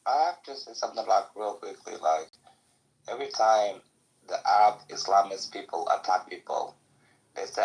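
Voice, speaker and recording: A man's voice: fairly low pitch, expressive, moderate pace, poor audio. A man arguing bluntly and insistently as a debate panelist, swearing freely. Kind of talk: heated debate.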